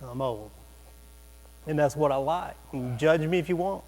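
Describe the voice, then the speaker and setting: Preaching in a church sanctuary, a high-voiced pastor tells a comic story about his family. His sermon storytelling is animated and jokey, with quick asides to the congregation, and a low electrical hum runs beneath the recording.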